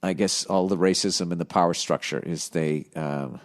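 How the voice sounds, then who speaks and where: A man's voice: deep voice, steady tone, moderate pace. A man hosting a podcast, ranting casually in a blunt, profane and sardonic way and rambling as he thinks aloud. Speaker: podcast host. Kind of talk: casual comedic rant.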